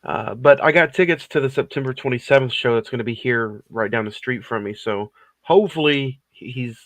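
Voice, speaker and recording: A man's voice: medium pitch, a little fast, no echo. Man, podcast host, casual rambling chat, dry close sound. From Oklahoma area, USA. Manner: relaxed, rambling, lots of fillers.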